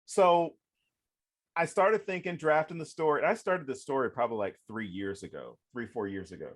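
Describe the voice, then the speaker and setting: A man, a guest author on a podcast, telling stories in a casual, animated way, laughing often and acting out what people said. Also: mid-range voice, moderate pace. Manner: animated, profane, acts out quoted dialogue.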